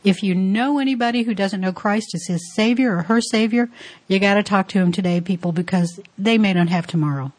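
A woman co-hosting a podcast in easy, chatty talk at a mid pitch. She is earnest and laughs often. At times she turns preacherly and urges listeners. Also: a little fast. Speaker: podcast co-host. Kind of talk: casual chat.

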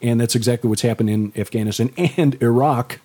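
A man's voice: mid-range voice, steady tone, fairly quick, darkish tone, slightly rough. A man from the St. Louis area co-hosting a casual chat, stammering and restarting a lot and chuckling often. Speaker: co-host and novelist.

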